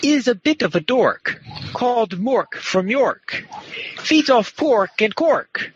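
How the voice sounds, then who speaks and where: A man recites a comic poem with theatrical flair. His slow delivery swoops up and down, and he breaks into sudden shouts. The muffled, lo-fi sound of a voice call carries faint background noise. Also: very high voice. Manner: theatrical, wordplay-heavy, bursts into shouts. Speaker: podcast host.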